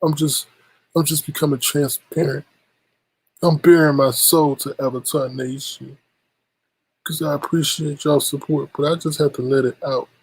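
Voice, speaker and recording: Husky-voiced man whining tearfully to viewers. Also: on the high side, steady tone, moderate pace, low-quality recording. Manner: plaintive, repetitive, mock-tearful. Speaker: YouTube vlogger. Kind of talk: emotional livestream monologue.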